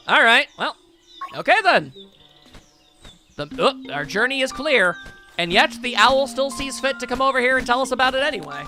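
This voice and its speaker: A man's voice: extremely high pitch, lively intonation, moderate pace, bright, forceful tone, faint music behind. A man giving sarcastic, joking let's play commentary as host of his gaming channel.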